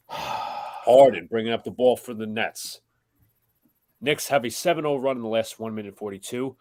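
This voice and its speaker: A young man with a New York accent doing quick, matter-of-fact play-by-play on a live stream. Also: medium pitch, a little mellow, no room sound. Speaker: play-by-play commentator.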